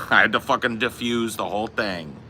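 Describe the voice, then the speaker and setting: A man hosting a podcast, telling a story in a profane, laid-back, animated way. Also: fairly low pitch, normal speed, a little hiss or hum. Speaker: podcast host. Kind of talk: casual chat, storytelling.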